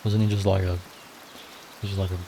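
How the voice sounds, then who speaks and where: A man's voice: low voice, flat delivery, normal speed, gravelly, noisy background. A man commentating a game playthrough, blunt and self-deprecating, swearing freely. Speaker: gaming streamer. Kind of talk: let's play commentary.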